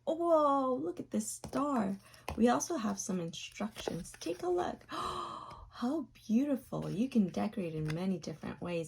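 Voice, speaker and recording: A woman hosting a children's video, narrating playfully with gasps and wide-eyed excitement to a young viewer. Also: mid-range voice, gravelly, slight background noise. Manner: gasping, wide-eyed excitement, drops to a soft whisper at times. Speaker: children's educational video host.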